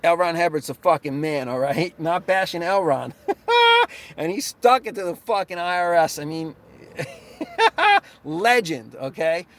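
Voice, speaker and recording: A young man delivers a swearing, sarcastic monologue to the camera. His voice sits somewhat high for a man, and he breaks into short laughs as he vents. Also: very animated, measured pace, a bit bright. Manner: profane, sarcastic, laughs between lines. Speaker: chiropractor. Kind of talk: ranting vlog monologue.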